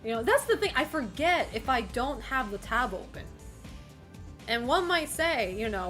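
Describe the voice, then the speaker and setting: Giggly high-pitched woman streamer. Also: very animated, moderate pace, fairly bright tone, soft background music. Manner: giggly, talks to chat, swears casually. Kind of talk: casual livestream chat.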